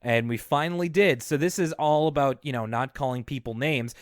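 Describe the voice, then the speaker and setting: A man's voice: mid-range voice, brisk, no echo, studio quality. Chatty young man recapping a cartoon. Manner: chatty, laughs easily, acts out quotes. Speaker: podcast co-host. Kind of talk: casual podcast chat recapping a cartoon.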